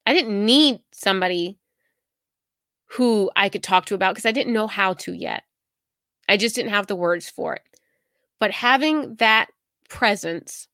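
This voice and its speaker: A woman hosts a podcast alone in a casual, reflective monologue, wandering between thoughts with plenty of fillers. Her voice is bright and pressing, heard dry and close with no room around it. She turns earnest and personal as she talks. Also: medium pitch, no echo. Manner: chatty, digressive, many "you know" and "like" fillers.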